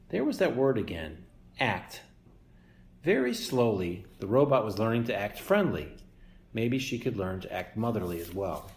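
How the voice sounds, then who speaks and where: A man reading a children's book aloud as a guest reader, in a steady, measured narration. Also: on the low side. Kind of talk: storybook read-aloud. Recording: echoey room.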